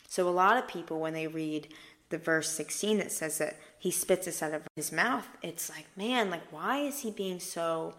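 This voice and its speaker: An earnest young woman talks through scripture on her podcast, pressing each point with emphasis. Now and then she sinks to a soft hush to let a point land. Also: on the low side, normal speed. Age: young adult. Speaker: podcast host. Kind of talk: faith podcast teaching.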